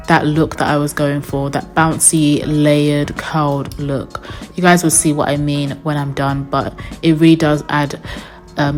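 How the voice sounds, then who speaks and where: A young beauty vlogger with a low, slightly mellow voice narrates a voice-over for a wig install tutorial. She's chatty and upbeat, talking straight to her viewers.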